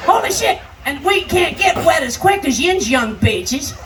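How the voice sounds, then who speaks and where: Older lady doing dirty stand-up, high voice, loud and crude, far off mic with a noisy crowd. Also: expressive, a little slow. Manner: brash and crude, shouting punchlines. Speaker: stand-up comedian. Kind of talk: raunchy live stand-up. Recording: live stage sound, distant, crowd noise. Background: noisy party crowd.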